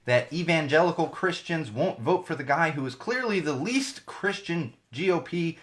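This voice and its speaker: A man's voice: a little high, expressive, moderate pace, few pauses. A middle-aged man hosting his own podcast from a home studio, giving ranty, digressive solo commentary with lots of emphasis. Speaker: podcast host.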